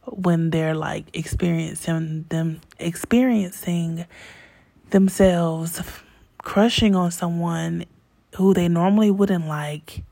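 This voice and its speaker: A woman recounts a personal story in a candid, chatty way, sometimes dropping to hushed asides. Her voice sits low with a gravelly, husky edge. The recording is close and dry. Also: dry recording. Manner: chatty, full of fillers, drops into hushed asides.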